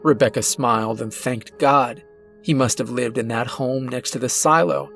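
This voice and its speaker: A man narrating a horror story in a deliberate, suspenseful way. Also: mid-range voice, steady tone, creaky, a bit bright, faint music behind. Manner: slow, deliberate, suspenseful delivery.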